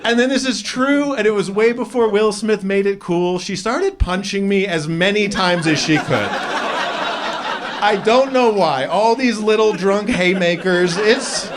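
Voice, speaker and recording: A man doing a stand-up comedy set on a club stage, with self-deprecating, deadpan asides. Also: high voice, measured pace, background noise. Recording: live club crowd audible. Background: audience laughing.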